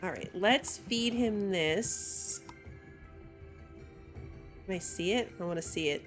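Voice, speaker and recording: A woman's voice: mid-range voice, takes it slowly, faint music behind. Woman, streamer, casual gameplay chat, talkative, laughs often. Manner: chatty, reads chat aloud, laughs often.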